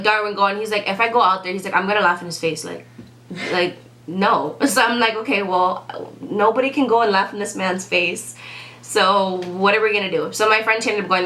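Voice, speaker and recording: A woman's voice: medium pitch, pushed and bright, a little hiss or hum. A young woman telling a restaurant story in a casual vlog, chatty and full of "like". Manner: chatty, says "like" a lot. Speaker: vlogger.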